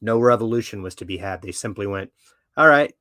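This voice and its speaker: A man with a fairly low voice talks fast with fairly even intonation, and the studio recording is clean with no room sound. As a podcast host, he delivers a blunt, swaggering monologue of strong opinions, swearing heavily throughout.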